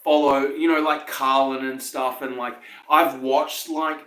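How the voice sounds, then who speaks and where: A man's voice: medium pitch, level tone, unhurried, pushed and bright, echoey room, rough recording. A man with a New Zealand accent, a podcast host rambling through a casual monologue full of swearing, fillers and chuckles.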